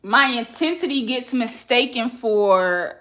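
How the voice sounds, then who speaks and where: A young podcast host talks in casual chat. She is blunt, profane and animated. Her voice sits a little high and sounds bright and sharp. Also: takes it slowly.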